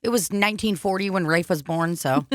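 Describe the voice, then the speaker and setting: A woman co-hosts a comedy podcast in a relaxed, chatty way, with a somewhat low voice. She swears freely and acts out the people in her stories. The sound is close and dry. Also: a little fast, no room sound. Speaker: podcast co-host. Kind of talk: casual chat, storytelling.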